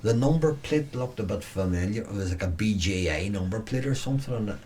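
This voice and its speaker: A Northern Irish man telling stories from his childhood in a relaxed, chatty way. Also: fairly low pitch, fairly quick, slight background noise. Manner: storytelling, acts out quoted voices. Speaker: brother reminiscing on radio. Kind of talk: casual reminiscing.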